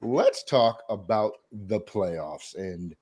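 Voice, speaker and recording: A man's voice: on the low side, drawn-out words, breathy edge. A man hosting a sports podcast, opening with showman hype and then chatting casually. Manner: hype showman intro, animated. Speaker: podcast host.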